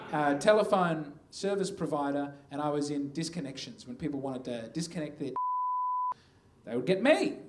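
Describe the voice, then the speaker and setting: High-voiced Australian comedian, sardonic. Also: male voice. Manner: punchy, sardonic storytelling. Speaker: stand-up comedian. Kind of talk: stand-up comedy set. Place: live comedy venue. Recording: noisy live recording.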